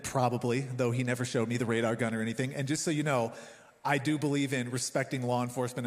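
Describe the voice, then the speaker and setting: A man in his thirties preaching a sermon, talking straight to the congregation in a lively, conversational way. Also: mid-range voice. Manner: animated, conversational, addresses the congregation directly. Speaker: pastor. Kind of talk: sermon with personal stories. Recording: reverberant church hall.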